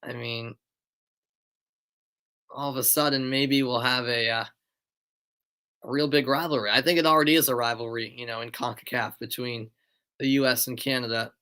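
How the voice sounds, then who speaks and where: A man's voice: mid-range voice, steady tone, moderate pace, long pauses, pushed and bright, clear, resonant tone. A tired young man doing live amateur play-by-play of a football match, chatting with viewers between calls. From United States. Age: young adult. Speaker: play-by-play commentator.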